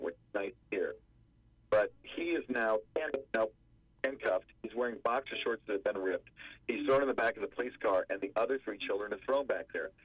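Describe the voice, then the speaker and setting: A man's voice: lowish voice, slightly rough, dry recording. Man storytelling over a phone line. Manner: animated storyteller acting out quotes. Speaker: attorney guest on phone. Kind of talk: radio phone interview storytelling. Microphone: telephone.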